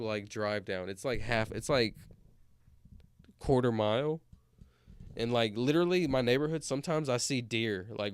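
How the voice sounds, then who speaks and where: Rambling young man, smooth close voice. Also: medium pitch, dry recording. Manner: rambling, filler-heavy, says "like" and "anyways" constantly. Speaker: streamer. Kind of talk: casual storytelling while reading chat.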